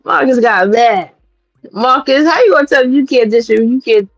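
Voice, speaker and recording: A woman from New York City hosting a livestream, talking in a blunt, profane and animated way as she gives her commentary. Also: high-pitched, quick pace, no echo, lo-fi sound, soft background music. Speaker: streamer host.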